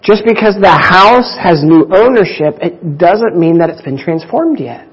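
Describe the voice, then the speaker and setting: A man preaching a sermon, with deliberate, emphatic delivery and drawn-out pauses. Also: sits high, lively intonation, husky. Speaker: pastor. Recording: dull lo-fi recording.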